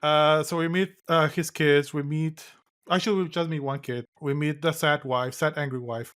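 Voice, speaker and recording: A man co-hosting a podcast, recapping a film in casual chat with a halting, wry, rambling delivery. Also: a little high, steady tone, fairly bright tone, clear, resonant tone. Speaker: podcast co-host.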